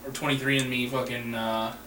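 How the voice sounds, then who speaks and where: A man's voice: mid-range voice, little pitch movement, fairly quick, distant mic, over a noisy crowd. A man co-hosting a casual podcast chat, easygoing and agreeable. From Mexican heritage. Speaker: podcast co-host. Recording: echoey room, off-mic.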